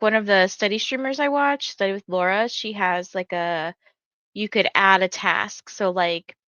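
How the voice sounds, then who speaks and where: This readathon livestream host is a woman who chats in a rambling way, leaning on "like," and reads viewers' comments aloud while tired and yawning. She has a mid-range, slightly bright voice. The sound has no room tone, and the highs are cut off.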